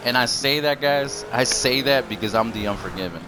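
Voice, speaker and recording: A man's voice: medium pitch, brisk, background noise. A man ranting casually to his viewers in a heated, repetitive way, full of slang. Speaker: gaming YouTuber. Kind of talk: casual rant to camera.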